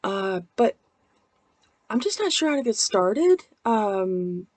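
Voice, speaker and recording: A woman's voice: medium pitch, very animated, takes it slowly, a little mellow, no room sound. A woman in her forties vlogging from home into a laptop mic, chatting in a meandering, candid, self-deprecating way. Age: 40s. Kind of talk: casual vlog chat.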